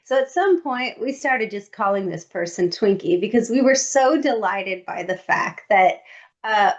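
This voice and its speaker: Lively woman telling stories, slightly dull sound. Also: mid-range voice, a little slow. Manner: lively, comic storyteller with playful asides. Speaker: podcast co-host. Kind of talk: casual storytelling chat.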